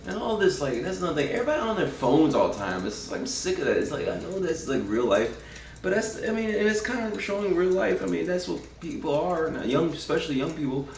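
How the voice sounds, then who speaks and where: A man's voice: on the high side, very animated, quick pace, creaky, a little hiss or hum. A man giving a casual, profane, rambling spoken review of a TV episode, with frequent restarts. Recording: roomy, from a distance.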